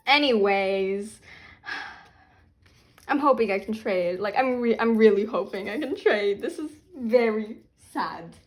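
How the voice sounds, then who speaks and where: A young woman filming an unboxing vlog, talking loudly and dramatically, laughing and half-crying over what she gets. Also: mid-range voice, lively intonation, slow pace. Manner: loud, chaotic, dramatic reactions with laughing and fake crying. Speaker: vlogger unboxing albums.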